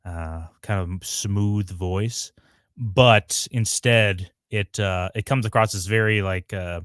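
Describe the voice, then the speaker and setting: Man, low voice, casual rambling chat, laughs often, dry close sound. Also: fairly even intonation, takes it slowly, fairly bright tone, clean tone, dry recording. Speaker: podcast co-host. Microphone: home mic on a livestream.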